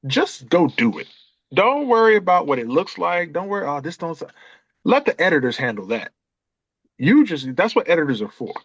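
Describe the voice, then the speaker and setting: A lively, fairly high-pitched man tells a story on a podcast, swinging his pitch widely as he acts out quoted voices. The sound is dry and close, with a dull, slightly muffled tone. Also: no room sound. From Atlanta, USA. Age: 50s. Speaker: guest, author and chess coach. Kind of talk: conversational storytelling.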